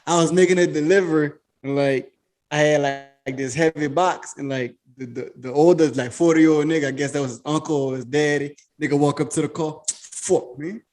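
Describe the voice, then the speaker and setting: A man's voice: a little high, steady tone, brisk, darkish tone. A man hosting a casual podcast who tells loose, profane stories with lots of restarts. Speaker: podcast host.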